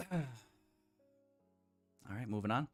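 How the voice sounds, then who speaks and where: A man's voice: medium pitch, very animated, very slow. A man streaming live trading commentary, chatting casually, thinking aloud, swearing now and then and answering chat. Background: faint music.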